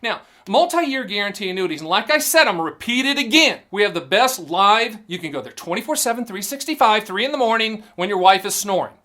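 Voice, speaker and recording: A man's voice: sits high, brisk, hardly any pauses. A man hosting his own show, explaining annuities straight to camera in a punchy, jokey sales style. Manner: animated, jokey, punchy catchphrases. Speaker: annuity agent and show host.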